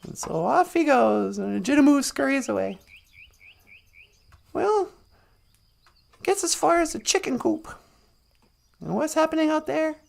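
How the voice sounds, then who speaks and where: Chatty high-voiced woman storyteller. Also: animated, a little slow, creaky, pauses often, a little mellow. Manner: humorous, chuckling, loose and chatty. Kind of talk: casual live-stream storytelling.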